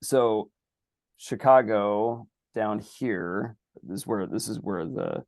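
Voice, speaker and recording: A man's voice: on the low side, slow, darkish tone, no echo, clean studio sound. A man co-hosting a podcast, talking casually in a rambling, profane, loose way. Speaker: podcast co-host.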